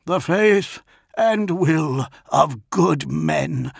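A steadfast armoured commander in an audiobook speaks in firm, resolute statements, voiced by a man. His voice is raised and a little gravelly, and the recording is close and dry. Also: on the high side, animated, extremely slow, no echo, voice pushed up, heavily acted.

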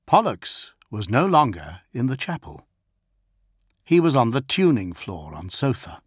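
Gravelly, slow man narrating an audiobook. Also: mid-range voice, no room sound, studio quality. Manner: measured, dramatic storytelling. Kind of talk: scripted narration.

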